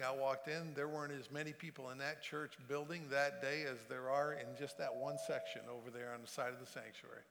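A fairly high-pitched man with a gravelly, fry-tinged voice tells his story as a sermon, earnest and measured. His words ring through a large sanctuary with a long reverb trailing behind each phrase. He swings between louder and quieter delivery as the story unfolds. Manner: storytelling, earnest, varies loudness for effect. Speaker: preacher. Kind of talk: sermon testimony.

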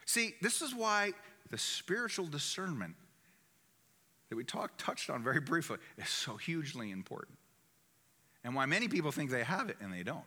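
High, lively male preacher, hammers phrases twice, echoey hall. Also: normal speed. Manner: emphatic, repeats key phrases. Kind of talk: sermon.

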